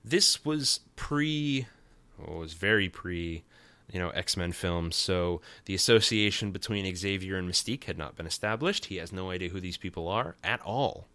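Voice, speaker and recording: A man's voice: deep voice, expressive, moderate pace, sharp tone, no echo. A man hosting a podcast, recapping in a casual, wry and sarcastic way full of rambling asides. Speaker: podcast host. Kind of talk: casual comic recap chat.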